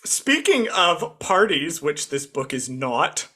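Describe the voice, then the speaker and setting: A man hosting a casual podcast chat, telling stories in an animated, sarcastic way with plenty of swearing. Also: a little high, takes it slowly, noisy background. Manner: sarcastic, animated storytelling with profanity. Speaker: podcast host.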